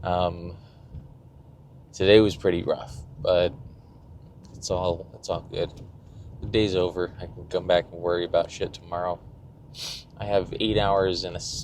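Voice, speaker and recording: Low-voiced young man, profane rambling vlog. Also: slight background noise. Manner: rambling, profane, restarts sentences. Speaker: fitness vlogger. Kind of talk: casual diary-style vlog.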